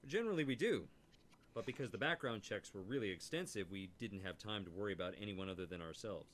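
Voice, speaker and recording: A cocky, flirtatious stagehand. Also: male voice, fairly low pitch, lively intonation, fast talker, fairly bright tone, slight background noise. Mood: matter-of-fact. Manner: cocky, teasing, then curt. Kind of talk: video game voice acting.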